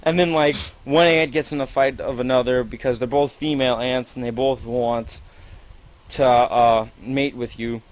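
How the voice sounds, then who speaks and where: A man's voice: medium pitch, steady tone, moderate pace, rough recording. A man improvising a rambling, profane, gleefully gross story to a friend, full of "like"s.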